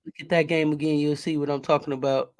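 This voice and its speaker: A man with a high, light voice hosts a relaxed sports talk. His stays easygoing as he throws questions at his guests. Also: quick pace. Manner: laid-back, asks guests questions. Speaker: host. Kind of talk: casual sports chat.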